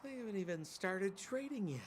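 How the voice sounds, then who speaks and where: An actor playing a sly, talkative male smuggler guide in a game cutscene, with smooth salesman patter. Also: sits high, lively intonation, a little fast, slight background noise.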